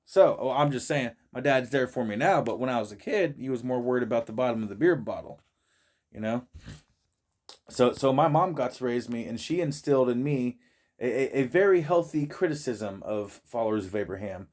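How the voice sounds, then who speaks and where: A man's voice: medium pitch, expressive, a little fast, a little mellow. A man in a friend's shed talking casually, stumbling over and repeating words, swearing freely and laughing often. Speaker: vlogger reacting to a video. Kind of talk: casual profane monologue.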